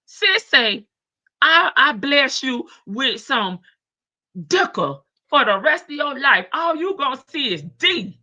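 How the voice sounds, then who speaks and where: A slow-talking woman hosts a casual livestream, chatting in slang, laughing easily and calling out to viewers by name. Her voice sits a little high and sounds bright and sharp. The stream audio is dry and dull, a bit lo-fi. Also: lively intonation, dry recording. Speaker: livestream host. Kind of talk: casual livestream chat reading viewer comments.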